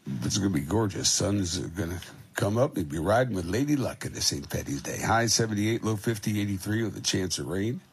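A man hosting a radio morning show, giving weather, time checks and shout-outs in brisk, jokey DJ patter. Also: on the low side, lively intonation, gravelly, slightly rough. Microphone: studio broadcast mic.

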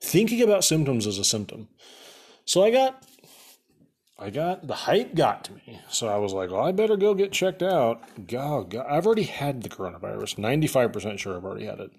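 A man's voice: medium pitch, big pitch swings, a little fast, darkish tone, husky. A young man host telling rambling stories in a casual podcast chat, saying "like" a lot and laughing at his own jokes. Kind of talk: casual storytelling rant.

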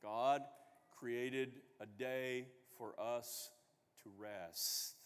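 A man's voice: mid-range voice, fairly even intonation, very slow, clear, resonant tone, in a large hall. A man preaching a sermon as pastor, talking conversationally and asking the congregation questions. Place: church sanctuary.

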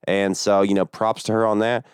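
A man's voice: fairly low pitch, little pitch movement, normal speed, clean tone, dry recording, clean studio sound. A man telling a long, profane story in a casual podcast chat.

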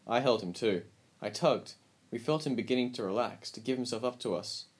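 A man reading a story aloud as an audiobook narrator, with calm, measured storytelling. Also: mid-range voice, husky.

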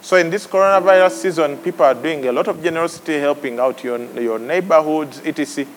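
A man preaching a sermon, animated, breaking into sudden high exclamations and laughs. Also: quick pace, a little hiss or hum. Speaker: pastor. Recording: long hall reverb with faint ambience.

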